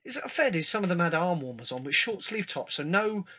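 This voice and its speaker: A man in a casual chat, telling animated stories. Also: sits high, a little fast, breathy edge. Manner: storytelling, animated.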